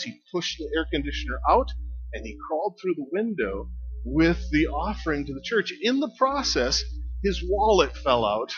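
Chatty storytelling pastor, dull sound. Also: male voice, on the high side, a bit bright. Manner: chatty storytelling with many fillers and chuckles. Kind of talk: sermon.

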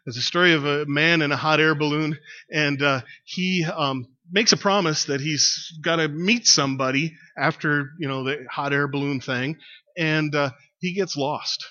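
A man's voice: fairly high pitch, normal speed, bright, forceful tone. A male pastor preaching a sermon in a conversational way, with fillers and emphatic repeats. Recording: lo-fi dull recording.

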